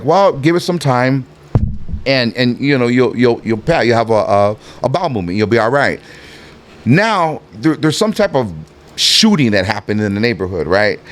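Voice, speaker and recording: A middle-aged man with a Southern California Chicano accent, telling a profane, animated story as a podcast guest and acting out the voices in it. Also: mid-range voice, fairly quick. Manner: animated, profane, acts out every voice in his stories. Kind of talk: casual storytelling in a podcast interview.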